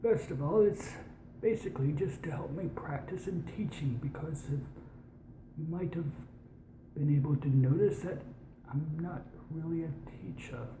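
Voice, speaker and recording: A young American adult with a mellow, medium-pitched voice puts on a posh British accent to host a science show. The casual monologue rambles, with many restarts and slow, stretched words, and slips into whispered asides. The room is echoey, with background noise.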